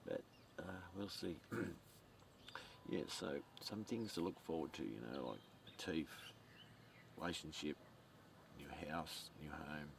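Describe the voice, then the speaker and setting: Gravelly, slow man outdoors. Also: a bass voice, animated. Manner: meandering, repeats words, swears, chuckles often. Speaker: vlogger. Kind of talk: rambling monologue to camera. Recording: distant mic outdoors, faint outdoor noise.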